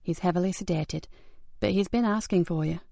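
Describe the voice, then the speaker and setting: A woman voicing a weary female hospital doctor who talks in a low, somber, blunt way. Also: brisk, creaky, warm tone, dry recording.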